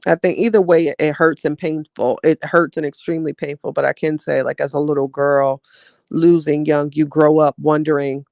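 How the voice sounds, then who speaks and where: A podcast host reads the live chat in a low, steady, somewhat creaky and slightly mellow voice at normal speed, recorded with studio quality and no echo. She talks with her listeners in a casual, heartfelt, chatty drawl, often calling them "child" and "y'all."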